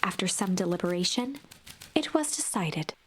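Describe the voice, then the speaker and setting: A woman doing whispered story narration in a hushed, suspenseful whisper. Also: fairly low pitch, expressive, moderate pace, a little hiss or hum.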